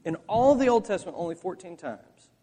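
A male pastor delivers a sermon, pressing his points hard and then dropping to hushed asides. His voice sits high and leaps around in pitch. The sound carries a long reverb tail from a church hall. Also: brisk. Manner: animated preaching, swinging from emphatic to hushed.

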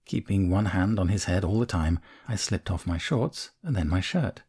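A man narrating a first-person memoir audiobook in a calm, measured, candid way. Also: deep voice, slightly rough.

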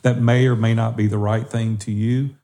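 A man's voice: mid-range voice, level tone, normal speed, dark tone. A man co-hosting a podcast, earnestly urging listeners and speaking straight to them. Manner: earnest, exhorting listeners directly. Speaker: podcast co-host. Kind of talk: encouraging podcast talk.

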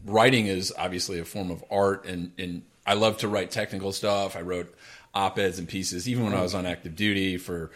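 A middle-aged man, a podcast guest, telling stories in casual chat, animated and laughing, swearing casually. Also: deep voice, brisk. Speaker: podcast guest, military author.

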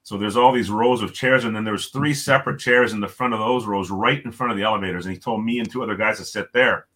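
A man's voice: lowish voice, quick pace, fairly bright tone. A middle-aged man casually telling a story about his college hockey days, often repeating words and restarting sentences.

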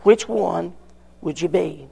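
Preacher guy, high gravelly voice, slow and emphatic, church hall echo. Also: mellow. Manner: emphatic, repeats questions with long pauses. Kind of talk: sermon.

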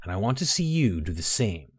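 A man's voice: lowish voice, sing-song, a little fast, no echo, clean studio sound. Man doing a snarling vengeful young man. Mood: bitter. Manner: snarling, bitter.

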